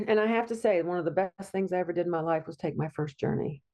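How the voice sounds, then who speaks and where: A woman's voice: on the low side, fast talker, warm tone, highs cut off. A middle-aged woman from Virginia, a psychiatric nurse practitioner, talking in a heartfelt, rambling way as an interview guest. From Virginia, USA. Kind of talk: conversational interview.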